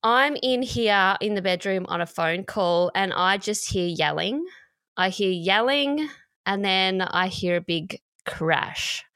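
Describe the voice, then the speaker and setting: A woman's voice: medium pitch, expressive, takes it slowly, fairly bright tone, clean tone, dry recording. A woman in her thirties talks openly on a podcast, her voice sitting in a middle range. She tells her story in a frank, emotional way and swears freely. The recording is dry and close, with no room sound. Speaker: podcast co-host. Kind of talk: candid podcast chat.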